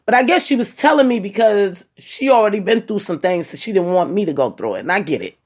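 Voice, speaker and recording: A woman talking casually to her viewers, retelling a personal story in a dramatic, animated way with many quoted asides. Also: mid-range voice, fast. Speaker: vlogger.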